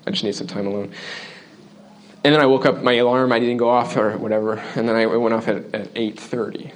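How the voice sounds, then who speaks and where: A man preaching a sermon in an earnest, conversational way, often checking in with the listeners and dropping into quiet asides between louder points. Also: brisk. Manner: shifts between loud emphasis and quiet, low asides. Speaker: pastor.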